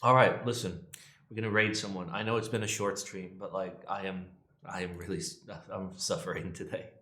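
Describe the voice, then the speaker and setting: A man's voice: deep voice, steady tone, a little fast, sharp tone, slight background noise. A hungover man hosting a livestream, chatting loosely and swearing. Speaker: livestream host. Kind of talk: casual livestream chat. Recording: roomy echo.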